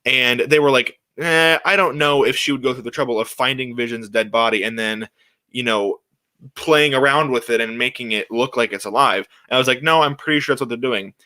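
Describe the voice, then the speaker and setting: Young male host, bright voice, eager rambling solo chat full of restarts. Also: medium pitch, brisk. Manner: excited, rambling, many restarts and fillers. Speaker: podcast host.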